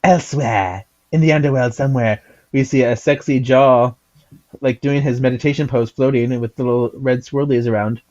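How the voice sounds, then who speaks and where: A man co-hosting a podcast in casual chat, giggly and animated, reading comic pages aloud. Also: mid-range voice, normal speed, dull audio. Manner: giggly, animated, acts out lines in silly voices. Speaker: podcast co-host.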